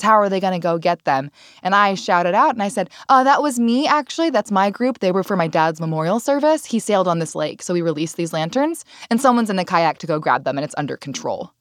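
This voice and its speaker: A woman's voice: lowish voice, dry recording, clean studio sound. Candid woman telling a story. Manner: candid, animated, laughs while telling. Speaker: podcast host. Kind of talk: casual storytelling chat.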